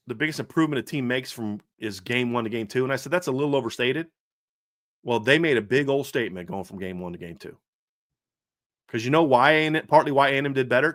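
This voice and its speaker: Here the man's voice is medium in pitch and a bit bright, captured studio-clean without echo. Co-hosting a sports podcast, he heatedly rants about how his team is coached, repeating points and restarting sentences in his agitation.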